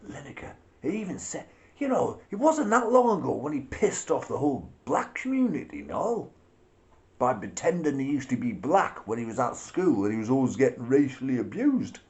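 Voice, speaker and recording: A man's voice: medium pitch, very animated, moderate pace. A man delivering a profane, sarcastic rant to camera, laughing between his remarks. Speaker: political vlogger. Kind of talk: ranting monologue.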